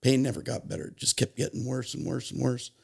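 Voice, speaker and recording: A man telling his recovery story as a podcast guest, halting and restarting as he goes, plainly moved as he recalls it. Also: mid-range voice, completely flat delivery, vocal fry, husky. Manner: halting, restarts and self-corrections, emotional retelling. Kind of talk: personal storytelling.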